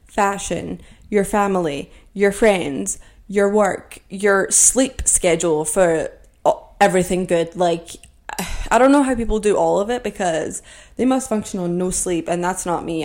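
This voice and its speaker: A woman in her twenties chats alone on her podcast in a slightly low voice. She rambles and pokes fun at herself, filling her talk with "like." The tone is loose and self-mocking. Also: a little mellow. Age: 20s. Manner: rambling, filler-heavy with frequent "like"; self-deprecating, joking. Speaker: podcast host. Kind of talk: casual solo chat.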